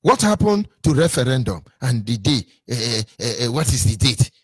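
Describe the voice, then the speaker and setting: Husky, preaching Nigerian man. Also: medium pitch, big pitch swings, moderate pace, no echo, studio quality. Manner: preaching, rhetorical questions, repeats for emphasis. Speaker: movement speaker on a call-in line. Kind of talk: impassioned address to listeners.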